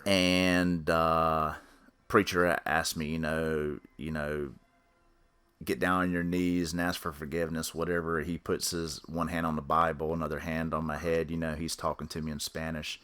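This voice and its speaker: A man with a very low voice tells a personal story on a podcast. He rambles along in a matter-of-fact way and keeps circling back with fillers and restarts. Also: level tone, moderate pace, a bit bright, smooth. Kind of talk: casual spoken storytelling.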